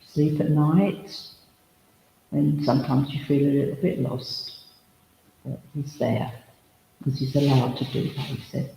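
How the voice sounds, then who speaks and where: At a service in a village hall, a spiritualist medium delivers a demonstration that's chatty and funny, peppered with anecdotes and asides. His mid-range voice is gravelly and mellow, heard through echoey reverb with some faint noise.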